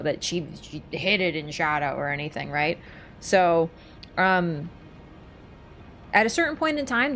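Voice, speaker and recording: A young adult woman chatting casually and teasing her chat while live-streaming a video game, thinking out loud with lots of fillers. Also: lowish voice, a little hiss or hum. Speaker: gaming streamer.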